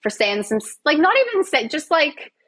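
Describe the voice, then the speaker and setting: A woman's voice: sits high, very animated, moderate pace, fairly bright tone, low-quality recording. A woman, a physiotherapist and actor, guesting on a podcast in casual, self-mocking, sarcastic chat.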